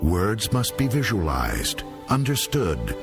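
A man narrating a documentary in a measured, deliberate storyteller tone. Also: fairly low pitch, wildly swooping pitch, over music, exaggerated voice. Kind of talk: scripted narration.

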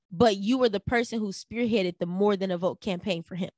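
A woman's voice: medium pitch, fairly quick, no room sound. Young adult woman, mid-range voice, solo podcast commentary, punchy and direct, dry recording. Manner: animated, rhetorical questions, frequently addresses listeners directly. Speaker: podcast host.

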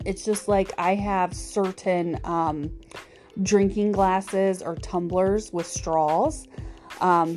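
A woman's voice: fairly low pitch, darkish tone. A woman hosting a podcast alone, chatting casually with many fillers and little laughs. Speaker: podcast host. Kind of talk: casual solo podcast monologue.

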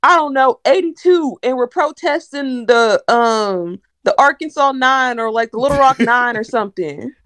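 A woman's voice: high-pitched, animated, normal speed, few pauses, fairly bright tone, no room sound. A woman guest on a casual podcast, talking playfully and exaggerating. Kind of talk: casual chat.

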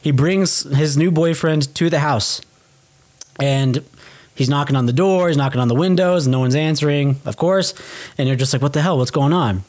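A young man co-hosting a podcast, casually recapping a film in an animated way, swearing offhand and acting out the characters' lines. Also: fairly high pitch, normal speed. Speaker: podcast co-host.

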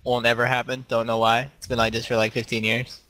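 A man's voice: mid-range voice, level tone, brisk, pushed and bright, no echo, poor audio. A man chatting casually in a group, offhand and clipped.

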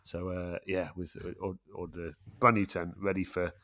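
A man's voice: sits low, flat delivery, moderate pace, pushed and bright. A middle-aged man, a teacher and podcast co-host, telling rambling stories in casual chat with frequent chuckles.

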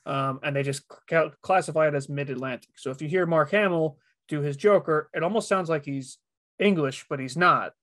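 A man's voice: a little high, moderate pace, no room sound. A man who works as a voice actor talking casually on a podcast, rambling a little with lots of fillers. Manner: relaxed, rambling, many fillers. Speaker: voice actor guest.

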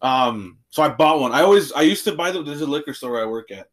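A young man co-hosting a podcast, telling a story in animated casual chat and swearing freely. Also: a little high, quick pace. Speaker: podcast co-host.

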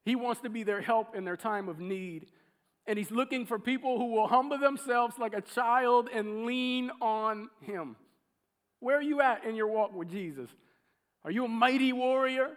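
A man preaching a sermon, telling a story with animated, acted-out quotes. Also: very high voice, moderate pace.

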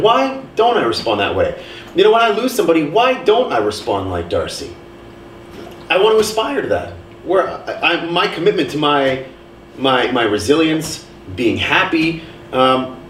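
A young man co-hosting a casual podcast chat, telling stories and acting out what people said with lively swings in his voice. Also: on the high side, a little hiss or hum. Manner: animated storyteller, acts out quotes. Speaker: podcast co-host. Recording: roomy sound, mic at a distance.

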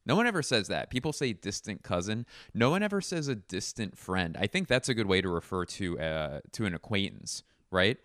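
A comedian hosting his podcast from home, riffing through absurd tangents and deadpan bits in a rambling monologue. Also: fairly low pitch, brisk, hardly any pauses, no room sound, clean studio sound.

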